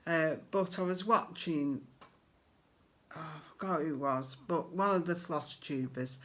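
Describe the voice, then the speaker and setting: A woman's voice: sits low, a little slow, a bit bright. A middle-aged English woman chatting casually to her viewers as a crafting vlogger, rambling with fillers and friendly asides.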